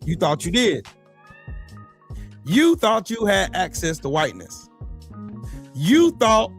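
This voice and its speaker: A man's voice: high-pitched, very animated, slow, vocal fry, pauses often, soft background music. A man co-hosting a podcast, giving blunt, profane and mocking political commentary. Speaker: podcast co-host.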